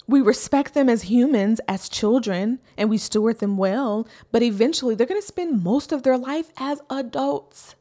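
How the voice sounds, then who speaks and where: A woman's voice: on the high side, warm tone. A woman in her thirties giving an earnest, encouraging faith-based parenting talk as a coach, repeating key lines for emphasis.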